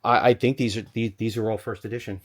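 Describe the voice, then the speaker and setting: A man vlogging from a storage locker, rambling and thinking aloud in an excited stop-start way, a little out of breath. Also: lowish voice, fast. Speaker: storage unit reseller. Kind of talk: excited unboxing vlog.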